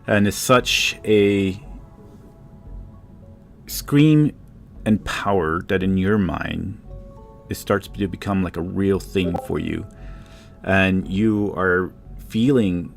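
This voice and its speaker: A man narrating a tabletop game as game master, halting and searching for words. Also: low voice, gravelly.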